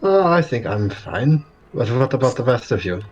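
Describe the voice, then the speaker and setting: A man's voice: mid-range voice, big pitch swings, moderate pace, lo-fi sound, soft background music. A man playing a tabletop game, speaking politely and formally in character. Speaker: player. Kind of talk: tabletop game role-play.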